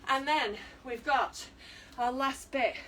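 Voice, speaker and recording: A woman's voice: high-pitched, slow pace, sharp tone, recorded from a distance, a little hiss or hum, poor audio. A British woman leading an online exercise class, encouraging and counting down while working out herself and getting out of breath. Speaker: fitness instructor.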